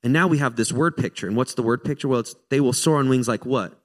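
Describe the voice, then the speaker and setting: A man's voice: mid-range voice, fast. American man preaching a casual sermon. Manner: casual, self-deprecating asides with frequent restarts. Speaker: pastor.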